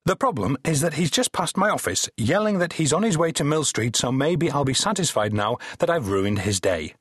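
A man's voice: fairly high pitch, animated, normal speed, slightly rough, no room sound, studio quality, pitched above the performer's own voice. A man voicing a pompous, officious male police sergeant with a sarcastic manner, in an audiobook. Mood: prim, sarcastic.

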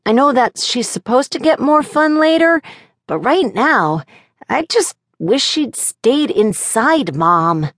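A woman's voice: high voice, expressive, fairly bright tone, dry recording, studio quality, voice pushed up, heavily acted. A woman playing a sleepy six-year-old boy. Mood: drowsy chatty. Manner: drowsy, drawn-out pleading.

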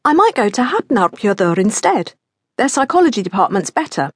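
A woman's voice: medium pitch, big pitch swings, fairly quick, breathy edge, dry recording, pitched above the performer's own voice. A woman narrator voicing a sly teenage daughter with a light, breezy voice in an audiobook.

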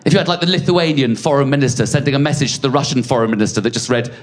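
A middle-aged man performing stand-up comedy, telling self-mocking stories with quick asides to the audience. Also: mid-range voice, background noise. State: sweating on stage. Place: comedy venue with a live audience.

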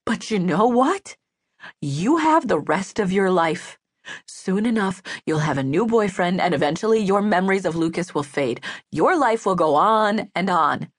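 A woman's voice: medium pitch, expressive, unhurried, husky, dry recording. A woman voicing a bitter, grieving middle-aged mother who scolds angrily and mocks, for an audiobook, dry recording. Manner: angry, mocking, clipped. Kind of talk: audiobook character voice.

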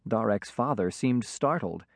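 A man narrating a children's storybook in a measured, expressive way on a close studio mic. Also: lowish voice, gravelly, no room sound. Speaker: audiobook narrator.

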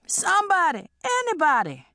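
A woman's voice: very high voice, huge pitch swings, normal speed, sharp tone, no room sound, clean studio sound, voice pushed up, exaggerated voice. A woman reading an audiobook and voicing a brash, hard-drinking woman who teases and schemes. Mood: teasing. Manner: teasing, bawdy, persuasive.

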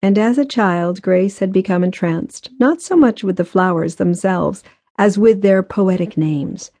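Mellow woman reading an audiobook. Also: mid-range voice, no room sound. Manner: measured, even storytelling. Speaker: audiobook narrator. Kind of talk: scripted narration. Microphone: close studio mic.

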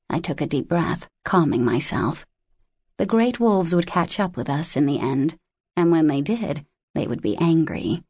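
A woman narrating a fantasy audiobook in a measured, expressive storytelling voice, recorded in a studio. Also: sits low, husky, no room sound. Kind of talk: scripted narration.

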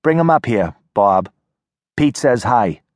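A man voicing a small, guarded young city woman in an audiobook, her lines pitched higher than his own voice and spoken bluntly. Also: lively intonation, takes it slowly, no echo, clean studio sound. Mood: wary. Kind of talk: audiobook character reading.

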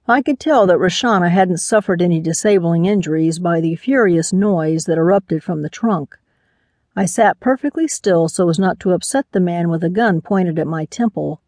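A woman's voice: lowish voice, moderate pace, a little mellow, dry recording, clean studio sound. Woman narrating a first-person mystery. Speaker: audiobook narrator.

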